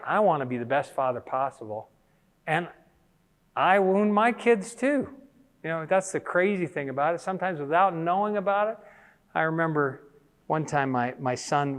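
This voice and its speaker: Man teaching in a reverberant hall. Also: on the high side. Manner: personal stories, animated quoted voices. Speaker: speaker. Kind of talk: sermon-style teaching talk.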